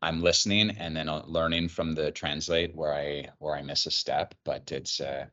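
A man in his forties with a very low voice speaks as a podcast guest. He sounds relaxed and measured, and pokes fun at himself. His call audio comes through somewhat dull. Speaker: marketing executive guest. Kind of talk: podcast interview over a video call.

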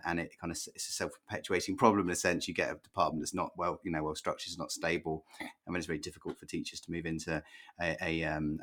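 A man's voice: low voice, a bit bright. A man hosting a podcast, asking long, hedging questions full of restarts. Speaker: podcast host. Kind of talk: conversational podcast interview.

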